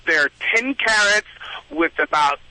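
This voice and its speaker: A man, a reverend and animal communicator, telling animated stories as a radio guest over a phone line. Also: fairly high pitch, unhurried, dry recording. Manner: animated storyteller, laughs often.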